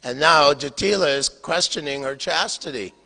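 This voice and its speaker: A vengeful snake lays out its charges in a stern, accusing tone, told by an older man lecturing. The voice is bright. A long hall reverb trails it. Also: a little high, moderate pace, vocal fry, full character voice. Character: vengeful snake sent by a god.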